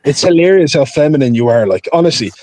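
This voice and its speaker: A man's voice: a little high, lively intonation, fast talker, a crowd in the background. A man taking part as a guest in a heated live-stream debate, talking in a boastful, taunting and threatening way.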